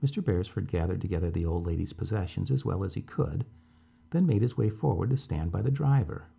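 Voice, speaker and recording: A man calmly reading a story aloud as a bedtime storyteller. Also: deep voice, a little fast, vocal fry, breathy edge.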